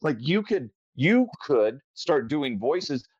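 A man's voice: fairly high pitch, slow pace, slightly rough, dry recording, muffled recording. A man hosting a podcast in casual, joking chat, often slipping into silly voices. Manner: joking, animated, slips into voices. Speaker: podcast host.

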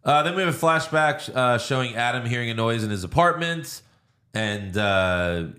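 A man's voice: medium pitch, expressive, moderate pace, bright, forceful tone. A man co-hosting a podcast, casually recapping a movie plot with fillers and swearing. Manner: recounts plot with fillers and acted quotes. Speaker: podcast co-host.

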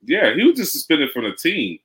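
A man's voice: on the high side, huge pitch swings, brisk, fairly bright tone, breathy edge, low-quality recording. A man co-hosting a casual sports podcast, teasing his partner in easygoing, profane banter. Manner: laid-back, teasing banter. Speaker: podcast co-host.

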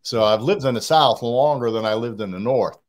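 A man's voice: mid-range voice, fairly quick. A middle-aged man with a Boston accent, a podcast guest giving blunt, cynical opinions in casual talk. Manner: blunt, cynical, plain-spoken.

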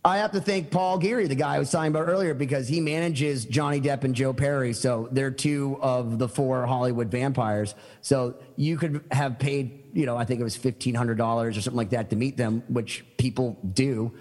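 A man's voice: medium pitch, steady tone, a little fast, hardly any pauses, a little mellow, long reverb tail. A man telling stories as a podcast guest, eager and rambling, with many fillers and restarts. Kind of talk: casual storytelling chat.

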